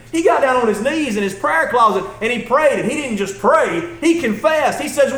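A man's voice: very high voice, expressive, brisk, fairly bright tone, reverberant. A man preaching a sermon as a church elder, talking in a folksy, conversational way that builds to emphatic passages.

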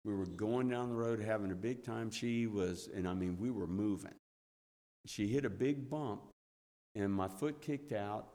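A middle-aged man preaching a sermon, telling personal stories earnestly and building with excitement. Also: fairly low pitch. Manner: earnest storytelling, swelling with excitement. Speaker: church elder preaching. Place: church sanctuary. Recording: long church hall reverb.

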